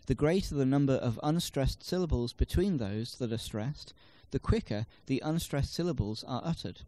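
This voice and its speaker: The speaker, a man with a dark, mid-range voice, reads explanatory lesson narration from a script. Measured in pace, he demonstrates word stress within example sentences.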